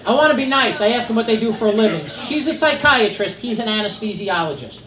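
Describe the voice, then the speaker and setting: A man's voice: high voice, animated, quick pace. A middle-aged man performing a stand-up comedy set on a club stage, telling stories in a dry, conversational way with asides to the audience. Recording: roomy live club recording from a distance, loud crowd and noise. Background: loud audience laughter.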